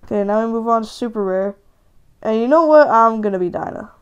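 A woman hosting a gaming channel and giving live, excitable commentary while she plays, often ranting and shouting in frustration. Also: a little high, brisk, clear, resonant tone, muffled recording.

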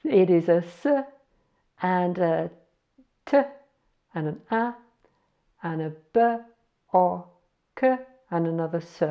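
Woman, casual home tutorial host, slightly low voice, self-correcting, muffled lo-fi sound. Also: warm tone. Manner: chatty, self-correcting, spells out letters slowly. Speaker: language learner sharing words.

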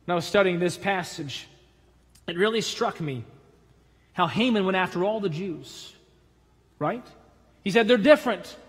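A man's voice: high-pitched, a little slow, long pauses. Preaching man in a reverberant church. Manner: preaching with rising emphatic calls and quiet drops; acts out voices in stories with a laugh. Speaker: pastor. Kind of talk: sermon. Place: church sanctuary.

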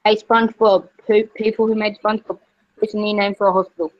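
A woman's voice: mid-range voice, flat delivery, quick pace. A woman, hosting a casual gaming livestream from her kitchen, chatty and laughing often. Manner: chatty, laughing, frequent "jeez". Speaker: streamer, host. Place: kitchen at home. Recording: dull lo-fi sound.

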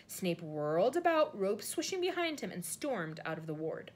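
A woman reading a storybook aloud in an expressive narrating voice. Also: medium pitch, moderate pace, husky. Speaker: audiobook reader.

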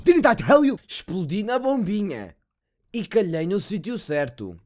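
Excitable high-voiced gamer man. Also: normal speed, soft background music. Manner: loud, shouty, swears a lot, jokey. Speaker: gaming YouTuber. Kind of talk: excitable gameplay commentary.

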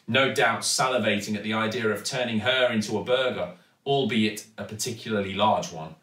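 A man with an English accent reading a children's storybook aloud with steady, expressive storytelling. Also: fairly low pitch, fairly quick, recorded from a distance. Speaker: actor reading a children's book. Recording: echoey room, voice from off-mic.

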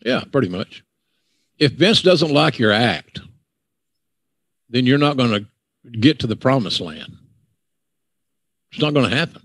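A man's voice: medium pitch, animated, unhurried, pauses often, fairly bright tone, dry recording. An older man with a Southern accent, hosting a podcast and ranting bluntly with profanity. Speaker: podcast host. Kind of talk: casual podcast chat.

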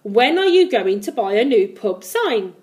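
A woman's voice: on the high side, sing-song, measured pace, darkish tone. A woman voicing a large, sarcastic, cigar-smoking pub landlady who scolds her husband. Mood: scolding.

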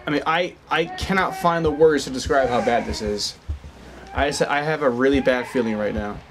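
A mid-range male voice at normal speed, with background noise behind it. The young host of this gaming video plays at home with headphones and a desk mic, nervous and stammering, swearing and begging out loud.

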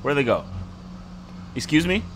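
Excitable man yelling over game noise. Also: fairly high pitch, moderate pace. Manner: excitable, yells and talks to game characters. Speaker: gaming YouTuber. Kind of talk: let's play commentary. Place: home room.

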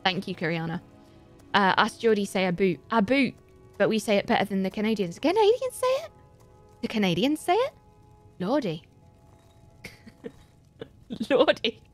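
With faint music playing behind her, a female gaming streamer chats casually to her viewers, rambling playfully and teasing herself. Her mid-range voice is very animated and moves at normal speed, broken by frequent pauses.

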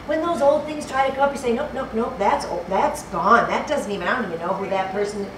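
A woman's voice: on the high side, fast talker. A woman preacher giving a fervent sermon, repeating phrases and fumbling for the right verse. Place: church hall. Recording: echoey hall, distant mic, background noise.

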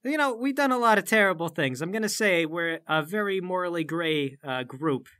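A man's voice: high-pitched, expressive, normal speed, pushed and bright, smooth. A man playing a tabletop game, talking in a sardonic, hedging way. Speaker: player. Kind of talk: casual role-play.

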